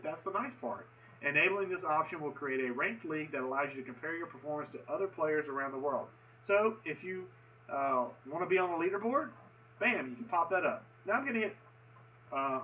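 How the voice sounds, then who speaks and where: Man, higher voice, excited game commentary, a bit far from a dull mic. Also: slight background noise. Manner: enthusiastic, repeats himself. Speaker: gaming video host. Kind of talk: casual gameplay commentary.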